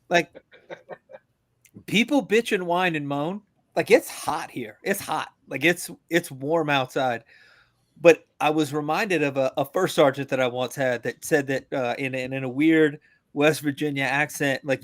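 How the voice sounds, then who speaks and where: A veteran calling in to a podcast, talking casually in an animated, joking, profane rant. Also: male voice, on the high side, normal speed, no room sound, studio quality. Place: abroad, remote from the hosts.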